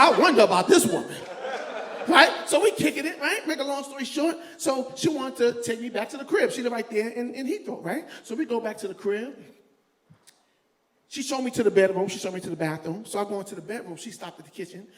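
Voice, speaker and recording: High, lively man doing stand-up. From New York. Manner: loud, animated storytelling, laughing along. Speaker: stand-up comedian. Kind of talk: stand-up comedy. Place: comedy venue with a live audience. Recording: echoey room with faint ambience.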